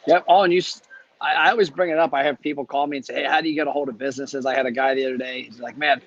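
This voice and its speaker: A man talks quickly and chattily, hosting a casual live chat. His stories roll out at a brisk clip. The sound is dull and lo-fi, like a live stream. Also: medium pitch, fairly even intonation, dry recording. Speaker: host. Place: travelling, speaking from a hotel.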